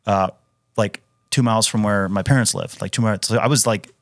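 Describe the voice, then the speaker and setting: A man in his thirties talks in a low register, casual and emphatic, leaning on "dude" and restarting his sentences. The sound is dry and close to the mic, with no room behind him. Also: steady tone, fairly quick, no room sound. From Wisconsin, US. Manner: emphatic, frequent fillers and restarts, says "dude" often. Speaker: podcast guest, retired Navy SEAL. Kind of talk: casual conversational storytelling.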